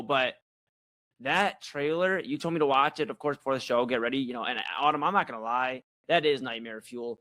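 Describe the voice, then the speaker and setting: A young man co-hosting a comedy chat show, telling a story in a rambling, animated, self-mocking way. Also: a little high. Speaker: co-host.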